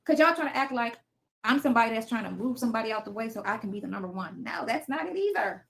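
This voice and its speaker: A woman in her fifties hosts a casual livestream from her home basement, answering viewers' comments bluntly, defiantly, and with plenty of cursing. Her fairly high voice is animated, fast, gravelly, and fairly bright, with slight background noise.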